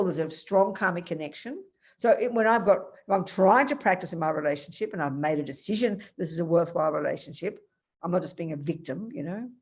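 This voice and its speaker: A woman teaching Buddhist philosophy in an emphatic, animated way, telling stories and addressing her students by name. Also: lowish voice. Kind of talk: Dharma teaching.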